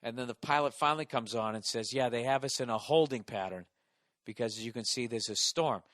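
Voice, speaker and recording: A man with a Boston accent tells a stand-up story in a profane, exasperated rant. His voice sits at a middle pitch and jumps into loud bursts. The sound is dry and close, with no room echo. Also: fairly quick. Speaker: stand-up comedian.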